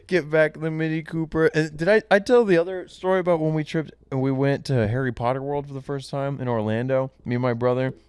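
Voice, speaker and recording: A man's voice: a little high, fast, few pauses, clean tone, no room sound. A man co-hosting a podcast in casual chat, telling rambling stories and laughing through them. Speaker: podcast co-host.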